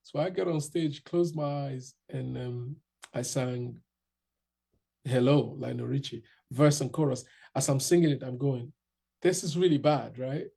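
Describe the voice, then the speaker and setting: A man's voice: mid-range voice, a little slow, vocal fry, warm tone, breathy edge. A young man casually telling his story in an interview, acting out other people's lines in raised voices.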